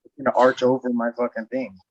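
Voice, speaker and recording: A man's voice: mid-range voice, completely flat delivery, quick pace. A man in casual podcast chat, profane and rambling, raising his voice when he acts out what he said. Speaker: podcast host. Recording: dull lo-fi sound.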